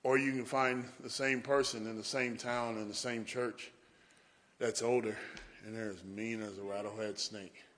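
A man's voice: on the low side, flat delivery, normal speed, fairly bright tone. A man preaching a sermon, telling folksy stories and often saying "boy".

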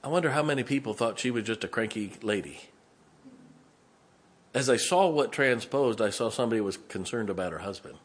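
An older man preaching a sermon. He tells a story in a hushed, folksy way, then builds to fervent, rising preaching. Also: on the low side, animated, brisk, breathy edge.

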